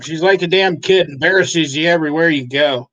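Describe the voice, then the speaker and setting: Profane high-voiced man telling crude stories. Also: fairly quick, a bit bright, lo-fi sound. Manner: profane, rambling, laughing at his own stories. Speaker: co-host. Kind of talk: crude comedic storytelling.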